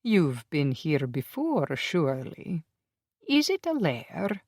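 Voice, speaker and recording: A sly catlike shapeshifter woman, as the narrator puts her on, drawling slowly with a teasing purr. She stretches her words out, and the recording is dry and close. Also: medium pitch, wildly swooping pitch, no echo, full character voice. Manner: purring, drawling.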